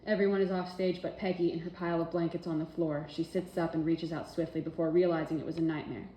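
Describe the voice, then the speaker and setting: A woman's voice: sits low, steady tone, warm tone. Woman reading stage directions aloud. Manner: brisk, matter-of-fact. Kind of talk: script read-through narration. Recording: roomy echo, faint noise.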